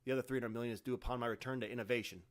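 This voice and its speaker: A man's voice: medium pitch, steady tone, racing, close to an everyday voice. A man voicing a scarred, defiant space marine sergeant who talks with clipped sarcasm. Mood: sarcastic.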